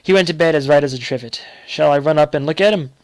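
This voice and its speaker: A polite, flustered nursery governess answers in a reassuring tone, put on by a male reader. The voice is lifted slightly and gravelly, recorded dry. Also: on the high side, fast talker, no echo, close to an everyday voice.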